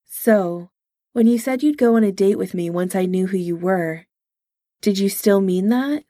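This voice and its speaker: A woman reading a story aloud in a soft, intimate way, only lightly changing her voice for the dialogue. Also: medium pitch, a little slow, no room sound, clean studio sound. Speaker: reader. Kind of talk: audiobook-style story reading.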